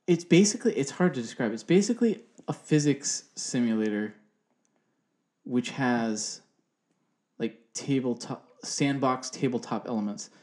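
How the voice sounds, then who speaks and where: A man's voice: mid-range voice, lively intonation, measured pace, a little mellow. A man in his thirties, co-hosting a podcast, chatting in a rambling, casual way and swearing freely. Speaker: podcast co-host. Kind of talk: casual chat.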